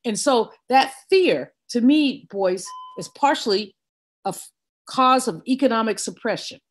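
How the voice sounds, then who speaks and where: An older woman, a guest in an interview, telling a personal story in a vivid, animated way. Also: fairly high pitch, a little slow. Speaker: guest economist.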